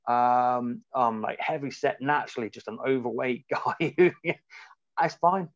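A man talking as a podcast guest in casual conversation, reflective and halting, often restarting his sentences. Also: medium pitch, no echo. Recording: muffled dry remote audio.

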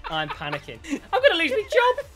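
A man's voice: extremely high pitch, brisk. A young man playing a football video game with a friend, panicking and laughing as he comments. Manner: animated, panicky, laughs often. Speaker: gamer. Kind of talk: excitable gaming commentary.

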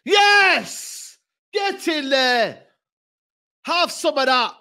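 High bright-voiced man shouting at football. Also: sing-song. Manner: shouting celebrations, slow drawn-out complaints. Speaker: football fan streamer. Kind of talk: live match reaction.

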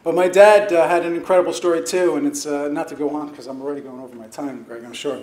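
A man's voice: on the high side, fairly even intonation, fast talker, a little mellow. A middle-aged man giving a chatty, self-deprecating banquet acceptance speech as a hall of fame inductee, laughing at his own stories. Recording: roomy hall with faint noise.

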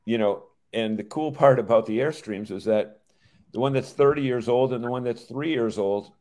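A man's voice: medium pitch, normal speed, mellow. A man co-hosting a casual show over a video call, joking and rambling with restarts. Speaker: co-host. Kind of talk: casual chat.

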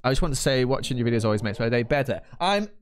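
Chatty northern English man, lively voice. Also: medium pitch, slight background noise. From northern England. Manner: chatty, rambling, quick to laugh. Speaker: streamer. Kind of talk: casual live-stream chat, reading chat aloud.

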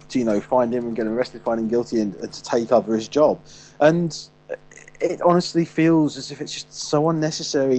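A man's voice: mid-range voice, dark tone, low-quality recording. A man co-hosting a film review show, talking casually with frequent restarts and fillers. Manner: rambling, many restarts and fillers.

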